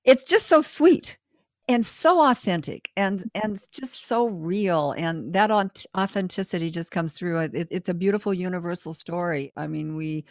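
A woman's voice: lowish voice, unhurried, no echo, studio quality. A woman hosting a casual interview, talking in a rambling way with frequent restarts. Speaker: talk show host.

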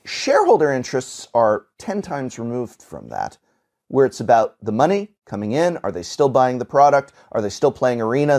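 A man hosting a podcast, giving emphatic, animated opinions in casual chat. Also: mid-range voice. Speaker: podcast host.

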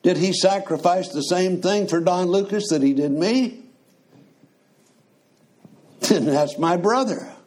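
A man preaching a sermon in a slow, conversational way, often asking the congregation questions. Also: sits high, a little mellow.

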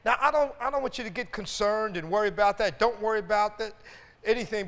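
High-voiced preacher in a reverberant church. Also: male voice, quick pace, a bit bright. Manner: preachy call-and-response, repeats words, exclaims hallelujah. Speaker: pastor. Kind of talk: sermon. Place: church sanctuary.

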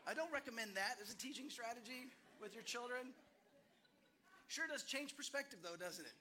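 A man's voice: very high voice, animated, normal speed, sharp tone, slight background noise. A man pastor giving a sermon, telling stories in an earnest way and acting out the people he quotes. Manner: earnest, storytelling, acts out quoted voices.

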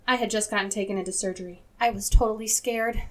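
A woman reading a fan story aloud in a plain, earnest manner, her pitch sitting in a middle range. She moves briskly through the lines. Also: steady tone. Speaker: fanfiction reader. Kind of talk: dramatic fanfiction reading.

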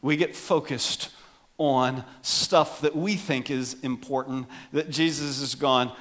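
A middle-aged man preaching a sermon as pastor, animated, acting out voices for emphasis. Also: mid-range voice, slow pace.

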